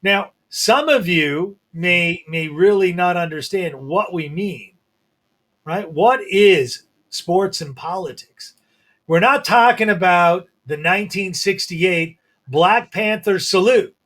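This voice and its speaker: High-voiced man hosting a talk show. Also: slow pace, a bit bright. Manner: conversational, sets up topics, hands over the floor. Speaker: co-host. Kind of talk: opinion talk podcast.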